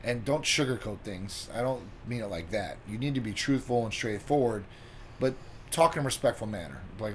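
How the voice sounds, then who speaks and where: A man co-hosting a talk show, giving relationship advice in a measured, filler-laden way. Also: mid-range voice, a little hiss or hum. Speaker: co-host, partner of the other host. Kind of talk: casual advice chat.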